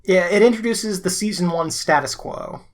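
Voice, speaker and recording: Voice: mid-range voice, normal speed. A podcast co-host in casual conversation, chatty with many fillers and laughs.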